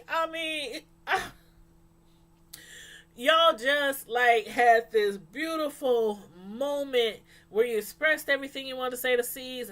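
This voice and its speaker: A woman reviewing a TV show in casual chat, rambling, animated and full of fillers. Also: high-pitched. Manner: animated, acts out quotes from the show; loose, rambling delivery with many fillers.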